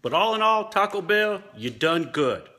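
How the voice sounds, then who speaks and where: A man casually reviewing fast food on camera, tasting and commenting between bites. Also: high voice, sing-song, sharp tone.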